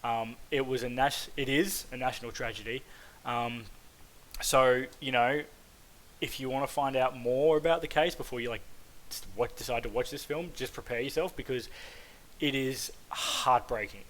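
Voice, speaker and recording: A man's voice: mid-range voice, fairly even intonation, normal speed, a bit bright, poor audio. Casual swearing Australian man reviewing films. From Australia, Queensland. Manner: casual, frequent "um" and "like", swears freely. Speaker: film reviewer. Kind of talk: casual spoken film review.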